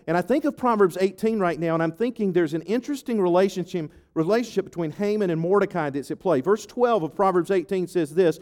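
Pastor guy preaching, tells stories, reads scripture, slightly high voice. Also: fairly quick, few pauses. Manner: animated storytelling to the congregation, quotes scripture. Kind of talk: sermon.

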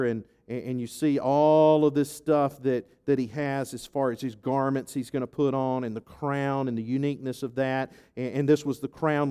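A man, a pastor, preaching a sermon to his congregation, telling stories and reading scripture in an animated way. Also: on the high side, clear, resonant tone.

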